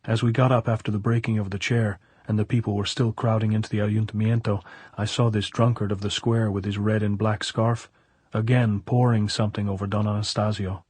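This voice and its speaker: A man reading a novel aloud as an audiobook narrator, in a steady, measured storytelling manner. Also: lowish voice, slightly rough, no room sound.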